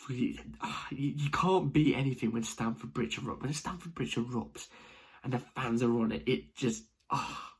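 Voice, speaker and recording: Husky, excitable young man. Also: mid-range voice, moderate pace. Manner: rambling, excitable, restarts often. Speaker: football fan vlogger. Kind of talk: excited match reaction. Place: home.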